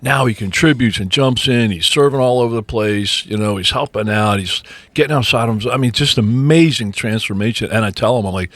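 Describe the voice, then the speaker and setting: A man's voice: medium pitch, fairly quick, a bit bright, no echo. A middle-aged man co-hosting a podcast in casual chat, rambling with restarts and frequent ums. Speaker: podcast co-host. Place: podcast studio.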